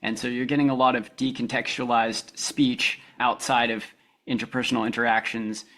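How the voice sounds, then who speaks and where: A man's voice: medium pitch, little pitch movement, moderate pace, bright, forceful tone. A man hosting an interview podcast, asking thoughtful, searching questions as he wonders aloud. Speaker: podcast host.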